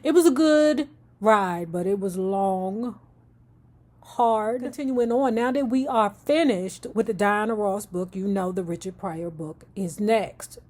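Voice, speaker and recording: A woman's voice: mid-range voice, a little slow, darkish tone. A woman hosting her channel, giving a chatty, laid-back intro in a slightly weary tone. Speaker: channel host. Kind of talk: casual video intro.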